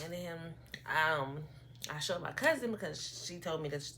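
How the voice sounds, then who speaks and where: A woman in her early twenties telling an animated, rambling story on her vlog, often quoting herself. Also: low-pitched, moderate pace, slight background noise. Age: 20s. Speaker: vlogger. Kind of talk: casual storytime. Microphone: phone camera.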